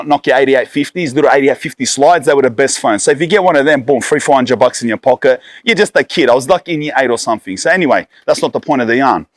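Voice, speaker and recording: A man's voice: mid-range voice, dry recording, studio quality. An Australian man in his thirties from Sydney, telling a story bluntly with heavy swearing and street slang. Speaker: storyteller guest. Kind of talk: casual storytelling.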